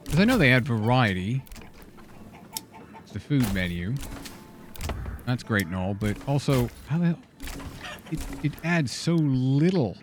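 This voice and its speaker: A man's voice: medium pitch, lively intonation, a little slow, pauses often, faint music behind. A man streaming a game, chatting casually and muttering exasperated questions to himself as he plays. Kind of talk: casual gameplay commentary.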